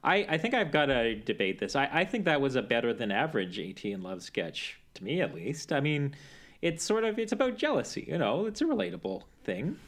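Teasing man, lively voice. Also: medium pitch, brisk. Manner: teasing, sarcastic. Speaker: podcast co-host. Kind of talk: casual chat.

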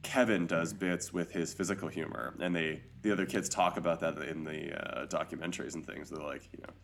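A man with a low voice talks in a loose, animated way on a podcast. He laughs often and slips into quick voices for quotes, keeping a casual chat going. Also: creaky, slight background noise. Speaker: podcast co-host.

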